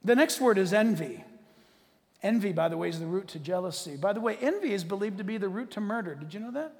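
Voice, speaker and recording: A man preaching a sermon to his church, animated and joking, swinging between loud declarations and hushed asides. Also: sits high, fast talker, in a large hall. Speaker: pastor. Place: church hall.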